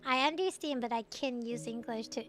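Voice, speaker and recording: A woman's voice: fairly high pitch, moderate pace, a bit bright, faint music behind. A woman from Taiwan, a native Mandarin speaker, chatting casually late at night on her stream, laughing often and answering chat messages.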